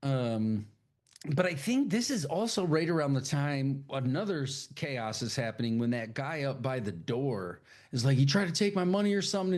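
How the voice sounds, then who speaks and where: A man's voice: medium pitch, a little mellow. A man co-hosting a podcast, casually recapping a film scene by scene in a loose, profane storytelling way. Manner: loose, profane storytelling that slips into quick impressions of characters. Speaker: podcast co-host.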